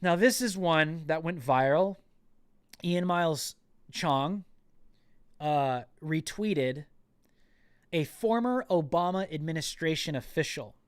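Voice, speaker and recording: An indignant man hosting a commentary podcast, pressing his points with emphatic repetition. His voice sits on the higher side for a man. The sound is dry and close, with no room echo. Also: expressive, takes it slowly, pauses often, clear, resonant tone. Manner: indignant, emphatic, repeats words. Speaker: podcast host.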